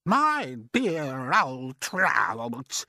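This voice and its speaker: A man voicing a vain, shrill old aunt in a storybook reading, preening and sing-song. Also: huge pitch swings, extremely slow, sharp tone, no room sound, full character voice. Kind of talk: storybook character voice.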